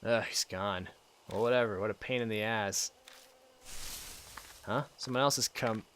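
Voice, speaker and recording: A man's voice: on the low side, a little slow, fairly bright tone, slight background noise. A man casually commentating while he plays a game, joking, swearing and reading the game's text aloud. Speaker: let's play host.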